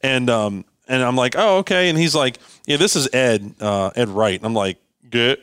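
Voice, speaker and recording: Man, podcast guest, animated storyteller, acts out quotes, restarts often, mid pitch, dry close sound. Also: moderate pace, clear, resonant tone, no echo. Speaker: guest, landscaping business owner.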